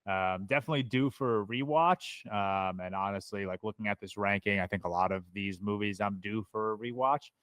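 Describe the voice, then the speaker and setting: A man co-hosting a casual movie podcast, giving measured, reflective opinions. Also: on the low side, fairly bright tone, clean tone, no echo. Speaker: podcast co-host. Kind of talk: casual movie-ranking chat.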